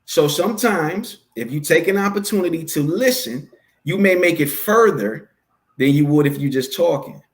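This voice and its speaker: A man's voice: fairly high pitch, lively intonation, normal speed. A man as an interview guest, talking emphatically and preacher-like, posing questions and answering them himself. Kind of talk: casual conversational interview.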